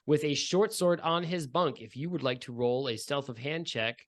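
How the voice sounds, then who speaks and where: A man's voice: a little high, moderate pace. A man narrating a tabletop game as game master, chatty and descriptive with many fillers.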